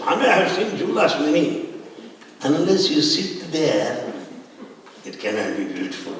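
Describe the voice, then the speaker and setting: An older man with a Telugu Indian accent, telling stories in an animated, swooping voice with frequent laughter. He sounds distant from the mic, his voice ringing through a large, reverberant hall with faint ambience behind. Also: fairly high pitch, normal speed, pauses often, background noise. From Andhra Pradesh, India. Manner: animated, acts out dialogue, laughs often. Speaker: speaker recounting spiritual experiences. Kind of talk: storytelling talk to an audience.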